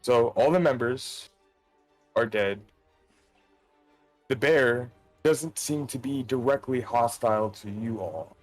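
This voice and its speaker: A man's voice: medium pitch, no room sound, faint music behind. Man narrating as game master. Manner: casual, halting narration with fillers.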